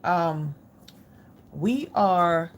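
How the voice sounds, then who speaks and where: A woman's voice: fairly low pitch, animated, very slow, slight background noise. A middle-aged woman hosting a crafting livestream, chatting effusively and directly with her viewers. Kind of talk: casual live chat with viewers.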